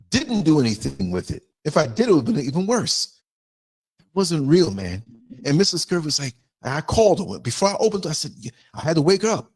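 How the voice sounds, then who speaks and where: Older man, blunt storyteller, lively swinging pitch, slightly high voice. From United States. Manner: animated, blunt and emphatic. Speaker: podcaster host. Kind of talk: livestream storytelling.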